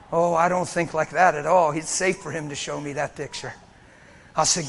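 High, bright-voiced preacher man. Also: brisk, gravelly. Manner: animated storytelling, bursts into shouting and laughter. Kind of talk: sermon.

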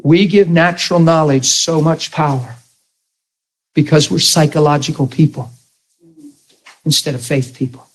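A male preacher with a somewhat high, husky voice delivers a sermon. He tells stories with lively acted-out quotes and laughs along with his audience. His pace runs from quick asides to slow, stressed points. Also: poor audio. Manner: animated storytelling with acted quotes.

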